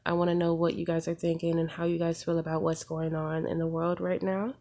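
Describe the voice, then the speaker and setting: A woman's voice: on the low side, monotone, fairly quick, dark tone. A young woman vlogger speaking to camera in an angry, emphatic way, piling up rhetorical questions. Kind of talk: impassioned opinion vlog.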